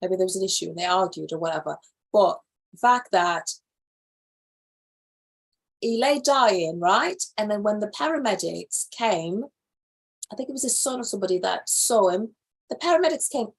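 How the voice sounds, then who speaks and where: A woman hosting a live animal news show, reading stories aloud and reacting to them in casual, animated commentary. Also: on the high side, moderate pace. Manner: animated, reacts loudly then drops to quiet asides.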